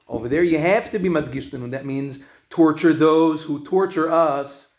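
A man teaching a class of students, lecturing emphatically on word pronunciation, drawing out words slowly and quizzing the room. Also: a little high, echoey room. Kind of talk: classroom lecture on Hebrew grammar.

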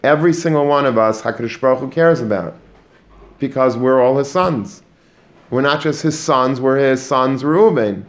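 A man giving a Torah lesson to students, animated, often repeating words and mixing in Hebrew and Yiddish terms. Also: medium pitch, normal speed. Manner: animated, repeats words while building a point. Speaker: Torah teacher. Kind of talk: religious lecture to students.

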